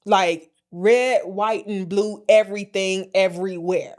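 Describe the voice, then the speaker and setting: American woman co-host just chatting, blunt and folksy, mid-pitch voice. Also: fairly even intonation, slow, a little mellow. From United States. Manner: chatty, talks straight to listeners, folksy and blunt. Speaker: podcast co-host. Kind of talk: casual chat.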